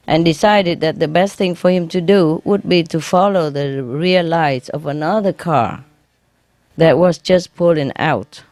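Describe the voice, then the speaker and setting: A woman's voice: low voice, darkish tone, dry recording. A woman, a spiritual teacher, telling jokes to an audience in simple English, laughing at her own punchlines and explaining them afterwards.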